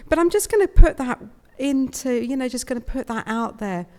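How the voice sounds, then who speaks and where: Speaking in a high-pitched, darkish, animated voice at a moderate pace, a British woman around fifty from the UK addresses a spiritualist service as guest speaker. Her inspirational talk is chatty and emotional, broken by frequent laughter, and the big indoor hall gives it a long, live reverb.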